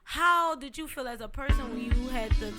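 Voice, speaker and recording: Woman, podcast co-host, slightly high voice, emphatic, opinionated, casual chat, hip hop music behind. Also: moderate pace. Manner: emphatic, opinionated, says "like" and "period" often.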